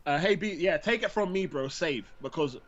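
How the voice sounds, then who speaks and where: A man's voice: fairly high pitch, animated, normal speed, highs cut off, a little hiss or hum. Chatty laughing guy, says bro a lot. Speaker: co-host reading chat questions. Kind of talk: casual gaming chat.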